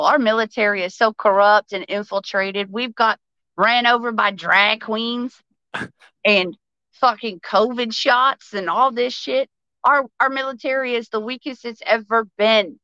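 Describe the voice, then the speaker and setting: Bright, fiery, profane woman ranting. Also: a little high, clear, resonant tone, dry recording, dull audio. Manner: passionate, profane, fast-flowing. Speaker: podcast guest. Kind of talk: heated political rant.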